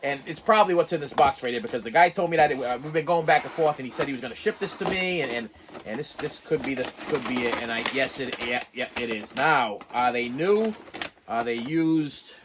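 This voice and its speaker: A man with a Boston accent rambling excitedly through a casual unboxing vlog and talking straight to his viewers. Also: medium pitch, a little fast, background noise. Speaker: physical media collector unboxing.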